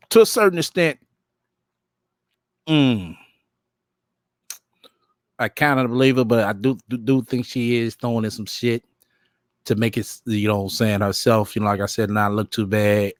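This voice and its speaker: A man's voice: mid-range voice, no echo, clean studio sound. A man doing live-stream commentary, mocking a clip with lots of swearing and laughter, and reading viewer comments aloud. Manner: profane, mocking, laughs often, reads chat aloud.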